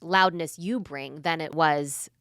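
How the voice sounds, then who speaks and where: A middle-aged woman, a podcast co-host, talking in casual chat, relaxed and thoughtful with hesitant restarts. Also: low voice, slow, dry recording, studio quality.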